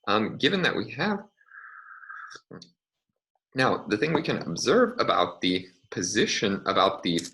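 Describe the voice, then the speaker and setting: A man's voice: on the low side, vocal fry, sharp tone, rough recording. A man giving a recorded linguistics lecture, thinking aloud with frequent fillers as he works through examples.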